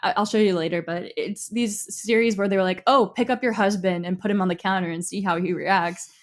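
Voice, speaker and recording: A young woman chats casually as a podcast co-host and tells anecdotes with lively energy. She slips into little voices for the people she quotes. Her voice sits at a middle pitch. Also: brisk. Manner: chatty, animated storytelling with quoted asides. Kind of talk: casual chat.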